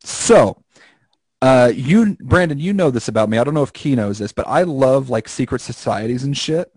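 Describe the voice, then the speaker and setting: Speaking at a normal pace with no room sound, this male podcast co-host tells stories in a relaxed chat. His voice swings widely as he animatedly performs each quote.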